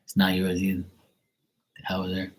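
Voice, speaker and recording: A man's voice: low voice, completely flat delivery, moderate pace, poor audio. A man chatting casually on a livestream as a tarot reader, blunt and profane, ranting with chuckles.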